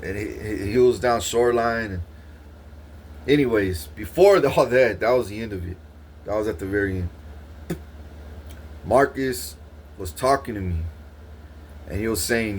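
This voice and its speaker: A man's voice: lowish voice, normal speed, pauses often, a little hiss or hum. A young man, talking casually and rambling through a story with profane street slang and many restarts. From Corpus Christi, Texas. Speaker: vlogger. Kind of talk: casual monologue recounting a dream.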